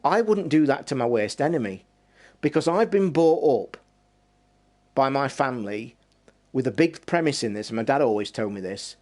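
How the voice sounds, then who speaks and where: A man's voice: medium pitch, lively intonation, normal speed, a little mellow. A man, a podcast host ranting on a live stream, heated and passionate, swearing and drawing out words for emphasis. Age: 50s.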